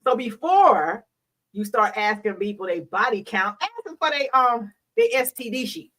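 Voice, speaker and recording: With a voice on the high side, a bit bright and animated, a middle-aged hospital worker hosting a solo talk speaks frankly and bawdily, preachy and quick to laugh. She talks at normal speed, and the distant mic leaves the audio poor.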